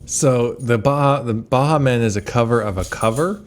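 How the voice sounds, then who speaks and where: A man's voice: mid-range voice, normal speed. Playful podcast co-host man. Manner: playful, riffs on jokes, laughs a lot. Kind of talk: casual chat.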